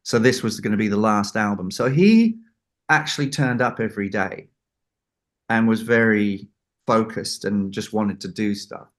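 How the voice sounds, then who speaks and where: A man's voice: lowish voice, normal speed. A man, a record producer, telling a story in an interview and acting out the people he quotes. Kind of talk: anecdote in an interview.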